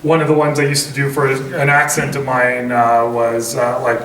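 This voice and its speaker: A man's voice: medium pitch, monotone, normal speed, fairly bright tone. A man voice actor on a convention panel, talking casually and rambling with lots of filler phrases. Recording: echoey hall, distant mic, faint noise.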